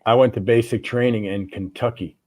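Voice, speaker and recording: A man's voice: mid-range voice, steady tone, a little fast, a little mellow, no echo. A man, a guest on a livestream chat, who tells stories with animation and acts out the dialogue. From New York, Long Island. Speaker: guest, war veteran living in Russia.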